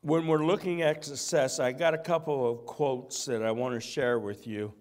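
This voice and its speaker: A man's voice: mid-range voice, steady tone, moderate pace, darkish tone. A man preaching a sermon in church, earnest and repeating his key phrases.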